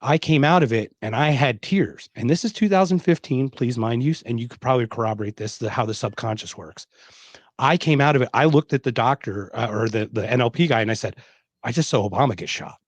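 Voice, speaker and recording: A man's voice: medium pitch, a little fast, dry recording. A middle-aged man hosting a podcast, telling a personal story in casual conversation and acting out the lines of people he quotes. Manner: animated, emphatic storyteller who acts out quoted dialogue. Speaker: podcast host.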